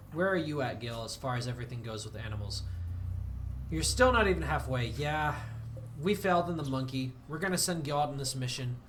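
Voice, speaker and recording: Speaking at a medium pitch with a slightly bright tone, a man rambles casually while streaming a game, some light background noise in the mix. His talk is self-deprecating and peppered with bursts of mock outrage, the relaxed commentary of a game livestream.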